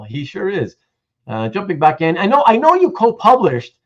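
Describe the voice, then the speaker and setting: A man's voice: medium pitch, expressive, unhurried, highs cut off. A man hosting a casual livestream, chatting with a guest and reading out viewer comments, with many restarts. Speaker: host.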